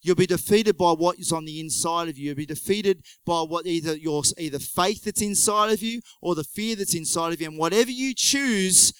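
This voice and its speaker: A man preaching in a high, smooth and resonant voice. He tells the story conversationally, with animated delivery and quick joking asides. The sound is dry and close, with no room around it. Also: dry recording, poor audio. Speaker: pastor. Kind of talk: conversational sermon.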